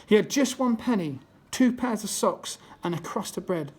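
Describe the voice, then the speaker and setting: Higher-voiced man reading a children's story aloud, unpolished, restarting often. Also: lively intonation, normal speed, a little mellow, husky.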